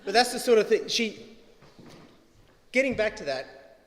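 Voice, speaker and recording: A man's voice: high voice, expressive, unhurried. A middle-aged man with an anecdotal, storytelling manner, giving a eulogy for his mother at a funeral. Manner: storytelling, chuckling at his own stories. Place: funeral venue hall. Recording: echoey livestreamed hall.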